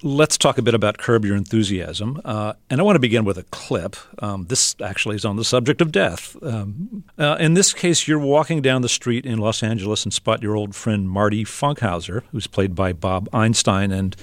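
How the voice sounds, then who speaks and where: A man hosting an interview, setting up clips in a measured, explanatory way. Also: fairly low pitch, lively intonation, no room sound. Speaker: interview host. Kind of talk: radio interview.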